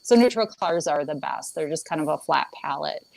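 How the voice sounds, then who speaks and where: A slightly low-pitched woman chatting about staging homes for sale. She talks hesitantly, with restarts and fillers. She is heard over a phone on a video call. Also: expressive, brisk, creaky, background noise. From Minnesota. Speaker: home stager and photographer. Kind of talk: casual live chat.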